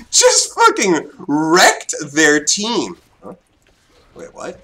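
A young man giving live gameplay commentary, excitable, swinging between loud outbursts and low mutters. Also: extremely slow. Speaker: gaming commentator.

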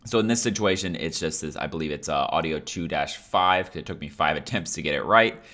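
A man hosting a software tutorial, explaining each step in a casual, upbeat way. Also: a bass voice, brisk. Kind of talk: screen-recorded software tutorial.

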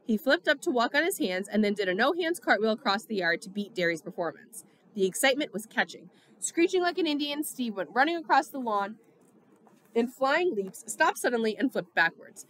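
A woman narrating a novel in the first person with steady storytelling. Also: a little high, a little fast. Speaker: audiobook reader.

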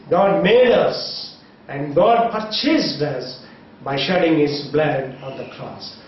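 A man's voice: on the high side, a little hiss or hum. A man with an Indian accent preaching a sermon, telling a story earnestly and dramatically, with lots of repetition. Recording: echoey, distant, dull.

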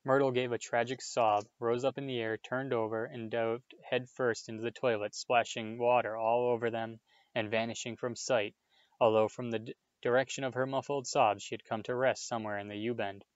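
This audiobook reader is a man with a medium-pitched voice and a flat delivery at normal speed, reading a children's novel. He narrates plainly, restarts now and then, and raises his voice when characters speak. The audio is dry and dull.

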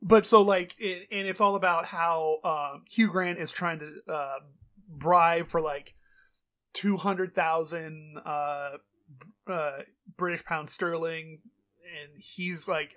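Rambling, excitable podcast co-host man. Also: a little high, slow. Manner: rambling, animated, swears, many fillers. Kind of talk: casual chat.

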